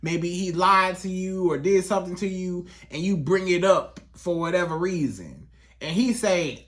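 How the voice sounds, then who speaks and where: A man working as a relationship coach speaks straight to the viewer in a casual advice monologue. His high voice is a bit bright and measured, and he repeats himself for emphasis and acts out quoted lines.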